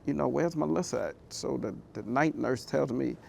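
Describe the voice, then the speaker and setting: Male motivational speaker, heavy vocal fry, mid-pitched; candid and heartfelt, talks like he's chatting. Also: moderate pace, darkish tone, slight background noise. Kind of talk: personal storytelling talk.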